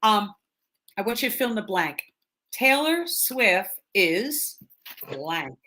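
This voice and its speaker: Brief: woman realtor host, bright tone, chatty and laughing, video-call live stream. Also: medium pitch, sing-song. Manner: chatty, laughs easily, rapid-fire questions. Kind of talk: casual live stream interview.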